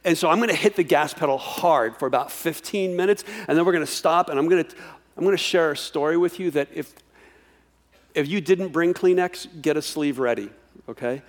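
A man preaching a sermon, animated, often restarting and repeating words as he acts out a dialogue. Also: fairly high pitch, fairly quick. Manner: animated, acts out voices of God and the prophet. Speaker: pastor.

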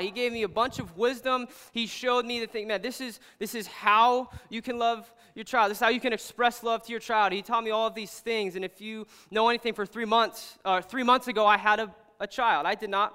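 Young male pastor, high, bright and crisp voice, earnest chatty preaching full of "like", long hall reverb. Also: brisk, few pauses. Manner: earnest, animated, heavy use of "like". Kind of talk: casual storytelling sermon.

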